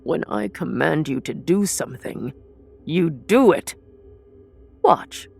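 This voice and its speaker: A woman voicing a cold, commanding male sorcerer who gives calm, menacing orders. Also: sits low, a little slow, gravelly, faint music behind, full character voice.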